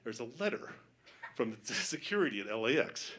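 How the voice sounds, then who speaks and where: A male stand-up comedian telling a story on stage, acting out the voices of other people and building up to panicked shouting. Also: medium pitch, very animated, a little fast, a little hiss or hum.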